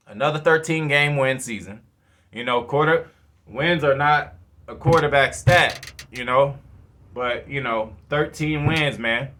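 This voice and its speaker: A man in his thirties runs his own football fan channel, talking in a loose and rambling way with plenty of swearing. His voice sits a bit high and sounds bright and forward, and he keeps the casual commentary animated. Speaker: sports fan channel host.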